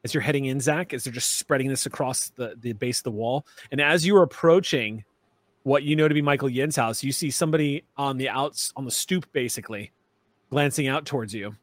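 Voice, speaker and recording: Relaxed man running a tabletop game. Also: mid-range voice, fairly quick, dry recording. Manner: relaxed, with fillers and laughs. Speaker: game master.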